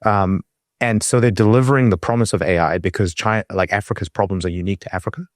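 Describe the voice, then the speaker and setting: A man with a very low voice, talking loosely on a podcast. He rambles, restarts his sentences and fills gaps with "like" and "um". The sound is close and dry. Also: quick pace, dry recording. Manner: rambling, hesitant, many restarts and fillers. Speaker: podcast co-host. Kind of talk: casual chat.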